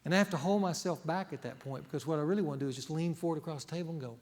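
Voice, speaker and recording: A man's voice: a little high, expressive, a little fast, darkish tone. A middle-aged male pastor preaching a sermon, earnest and emphatic, putting rhetorical questions to the congregation. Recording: long hall reverb.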